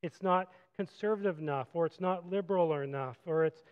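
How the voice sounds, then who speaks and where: A man preaching a sermon as pastor, animated, moving from loud acted-out quotes to quiet reflective passages. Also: high voice, a little fast, clean tone, big-room sound, narrow, tinny audio. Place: church sanctuary.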